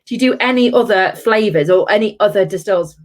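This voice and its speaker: A woman's voice: medium pitch, fairly quick. A woman hosts a live-stream drinks review from her home, picked up on a laptop or webcam mic. She talks in a gushing, chatty way. She keeps calling out to her viewers by name as she goes. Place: at home, with her children wandering in.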